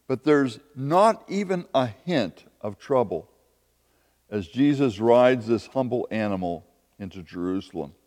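A man's voice: medium pitch, darkish tone, big-room sound. A man preaching a sermon as a pastor, with emphatic, repeated lines.

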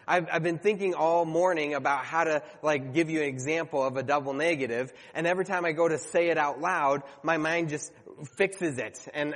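A man's voice: a little high, fairly bright tone, big-room sound. A man preaching a sermon to his congregation, earnest and conversational, sometimes stumbling and correcting himself.

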